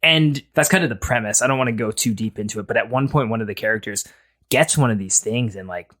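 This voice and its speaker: A man's voice: medium pitch, fast, a bit bright. Rambling, hesitant man in comedic chat. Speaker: podcast co-host.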